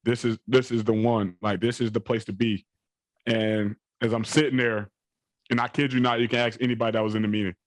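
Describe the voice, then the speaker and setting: A man's voice: on the low side, little pitch movement, a little fast, no echo. A young adult man, a college football player, telling a long rambling story in an interview, repeating phrases and leaning on fillers.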